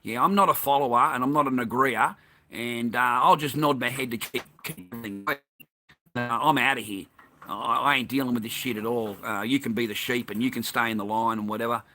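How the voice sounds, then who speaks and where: A man's voice: medium pitch, brisk, pushed and bright, soft background music. A man with an Australian accent delivering an angry, profane, repetitive ranting monologue as a vlogger.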